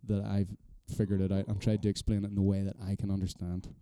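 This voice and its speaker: Dark-voiced rambling man. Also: sits low, level tone, quick pace, clean tone, no echo, studio quality. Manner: rambling, self-deprecating, swears casually. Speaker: podcast co-host. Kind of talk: casual chat.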